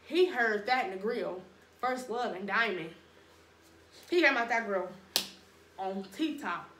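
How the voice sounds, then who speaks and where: A woman's voice: medium pitch, unhurried. Young woman telling a storytime, roomy sound. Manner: animated, slangy, acts out quotes. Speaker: storytime vlogger. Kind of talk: casual storytime. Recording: roomy echo, faint background noise.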